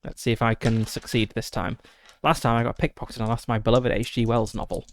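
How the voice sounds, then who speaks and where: A man's voice: medium pitch, little pitch movement, fast. A man streaming a solo tabletop game, reading the gamebook aloud with frequent fillers and short asides.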